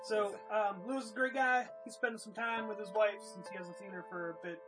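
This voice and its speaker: A man's voice: high-pitched, steady tone, fast talker, over music, low-quality recording. A man co-hosting a movie podcast, chatting casually and teasing the others. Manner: playful, teasing. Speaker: podcast co-host. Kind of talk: casual chat.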